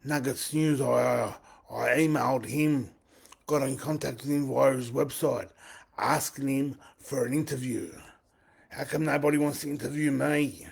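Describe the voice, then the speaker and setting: A man, his voice rough with a gravelly fry and a husky, raspy edge. He rambles on a live stream and keeps repeating himself, going back over the same phrases. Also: medium pitch, steady tone, moderate pace. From Australia. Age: 40s. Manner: repetitive, circling back on his own phrases. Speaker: livestream host.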